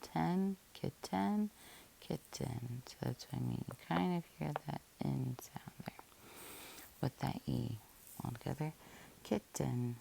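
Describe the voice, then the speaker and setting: A woman's voice: extremely low pitch, moderate pace, vocal fry, dark tone, slight background noise. A woman teacher giving a patient, methodical phonics lesson, breaking words into syllables and spelling them out letter by letter.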